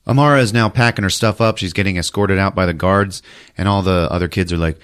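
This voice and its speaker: Deep-voiced man recapping a film, animated. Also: fast talker, clear, resonant tone. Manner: animated storytelling, jumps into squeaky put-on voices for characters. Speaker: podcast host recapping a movie. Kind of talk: comic movie recap.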